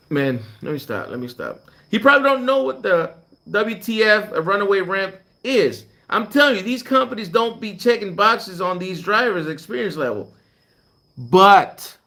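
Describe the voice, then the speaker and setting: A man with a fairly high voice tells his trucking stories in a casual chat with viewers. His pitch swings up and down as he acts out both sides of the conversation, and he stays chatty and animated. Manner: animated storytelling, acts out dialogue. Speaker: truck driver trainer and channel host.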